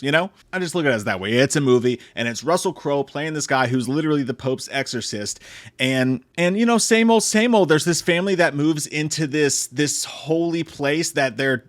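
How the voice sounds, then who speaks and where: Excitable, cursing film-review host. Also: male voice, mid-range voice, dry recording, clean studio sound. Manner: excitable, jokey, swears freely, lots of fillers. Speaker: movie reviewer and channel host. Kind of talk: casual spoiler-free movie review.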